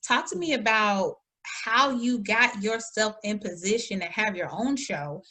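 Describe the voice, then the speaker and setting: A woman host with a bright voice asks questions in a lively, familiar way. Her voice sits at a middle pitch. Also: unhurried. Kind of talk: interview questions.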